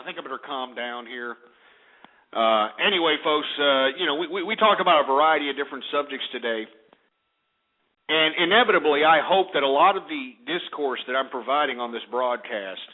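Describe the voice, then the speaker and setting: A male radio talk show host delivering a profane, ranting monologue in fast bursts. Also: mid-range voice. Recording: tinny lo-fi radio audio.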